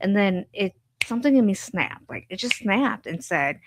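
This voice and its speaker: A woman's voice: medium pitch, big pitch swings, normal speed, no room sound. Frank woman telling her own story. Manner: emotional, frank, with many fillers and repeats. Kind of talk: candid personal storytelling.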